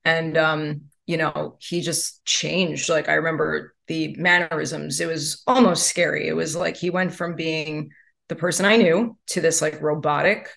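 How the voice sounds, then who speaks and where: Woman, podcast guest, chatty and candid, gravelly vocal fry. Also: low voice, fairly even intonation, measured pace, fairly bright tone. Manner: chatty, heavy use of "like" fillers. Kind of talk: candid conversational storytelling.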